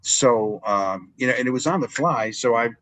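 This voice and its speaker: An older man, a longtime ring announcer, telling stories in a relaxed interview and acting out what people said. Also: moderate pace, rough recording. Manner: animated storyteller, acts out quotes with big pitch jumps. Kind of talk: storytelling interview chat.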